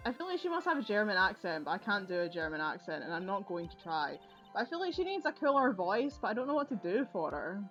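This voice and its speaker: Casting: woman doing casual let's play commentary, loud and sweary, mid pitch, dull lo-fi mic. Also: big pitch swings, quick pace, faint music behind. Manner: loud, swearing, laughing outbursts. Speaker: gaming channel host.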